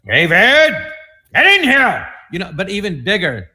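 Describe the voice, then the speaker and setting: A man in his sixties, a comedian telling stories on an online panel, animated and dropping into quick impressions. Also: high-pitched. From United States. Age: 60s. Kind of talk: casual storytelling.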